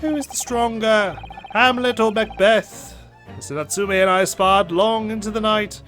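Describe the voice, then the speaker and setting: A man voicing a flamboyant male gentleman with a British accent, who quotes Shakespeare in drawn-out, theatrical archaic speech. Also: high voice, fairly even intonation, pitched above the performer's own voice. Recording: game music behind voice.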